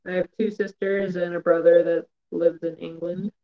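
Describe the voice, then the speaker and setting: A man with a rather high voice talks casually, pausing often with fillers and trailing off mid-thought. The sound is a little muffled. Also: flat delivery. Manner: hesitant, trailing off with fillers and laughs. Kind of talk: casual chat.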